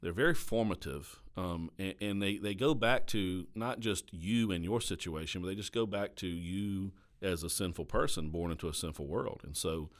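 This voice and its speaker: A man with a Southern American accent, a pastor hosting a podcast, talking earnestly and confessionally in casual conversation and often checking in with a quick question tag. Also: sits low.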